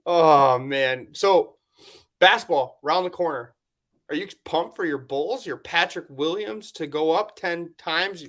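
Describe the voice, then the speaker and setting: A man's voice: a little high, a little slow, a bit bright. Man, podcast co-host, casual chat, laid-back, laughs easily, asks questions.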